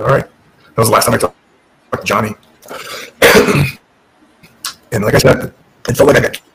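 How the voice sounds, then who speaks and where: A man's voice: lowish voice, vocal fry, a bit bright, a little hiss or hum, poor audio. A middle-aged man, a former pro wrestler, candidly telling his career story in an interview, frank and profane, often restarting his sentences.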